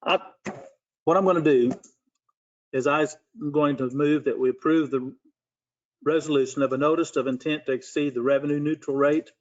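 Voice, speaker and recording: Male commissioner, plainspoken, somewhat high voice; muffled council-room recording. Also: fairly even intonation, moderate pace. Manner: plainspoken, makes a formal motion. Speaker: city commissioner. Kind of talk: public meeting discussion. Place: commission room at city hall.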